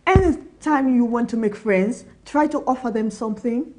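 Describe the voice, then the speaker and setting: Young woman host, mellow voice, earnest motivational advice with acted-out dialogue. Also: a little high, normal speed. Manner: earnest, repetitive advice, acts out quoted dialogue. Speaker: business talk show host. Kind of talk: motivational business talk.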